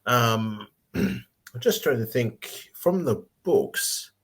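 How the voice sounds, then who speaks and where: A man co-hosting a casual podcast, talking in a relaxed, rambling way with fillers. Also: mid-range voice, extremely slow. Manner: laid-back, rambling, with fillers and throat clearing. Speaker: co-host.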